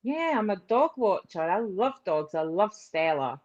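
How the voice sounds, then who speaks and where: A woman's voice: mid-range voice, sing-song, a little mellow. Scottish lady caller, giggly and chatty, muffled lo-fi sound. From Scotland. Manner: chatty, laughs often, quick asides. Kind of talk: casual call-in chat. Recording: dull lo-fi call audio.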